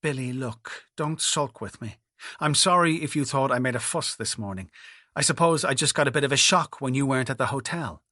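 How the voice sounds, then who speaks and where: A man's voice: medium pitch, fairly quick, bright, forceful tone, no room sound, studio quality. A man reading as a tearful, pleading young wife. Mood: hurt. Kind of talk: audiobook dialogue reading.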